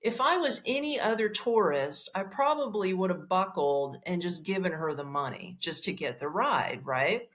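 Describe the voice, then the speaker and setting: A woman hosting a podcast, telling a story in a blunt, profane, animated way and acting out the dialogue. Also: on the low side, moderate pace, hardly any pauses. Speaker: podcast host. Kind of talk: casual storytelling monologue.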